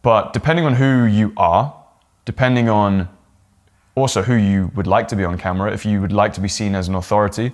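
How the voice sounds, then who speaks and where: A young man with a fairly low voice coaches his viewers straight to camera. He talks in a casual, friendly teaching way and now and then slips into broad, swooping demonstrations of his own intonation. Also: fairly even intonation, fairly quick. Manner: demonstrates exaggerated pitch swings and rising or falling inflection. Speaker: presentation coach. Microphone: talking straight to camera.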